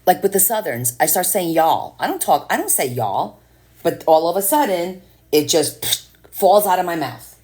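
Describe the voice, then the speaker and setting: A woman's voice: fairly low pitch, big pitch swings, moderate pace, darkish tone. A woman chatting casually on a live stream as she paints, rambling and answering viewers' comments.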